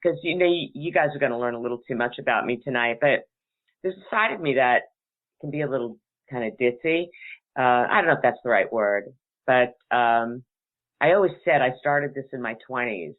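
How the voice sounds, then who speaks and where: A woman's voice: very deep voice, brisk. Giggly woman host on a tinny line. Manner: giggly, laughs often, rambling. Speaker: radio talk show host. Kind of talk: casual chat and storytelling.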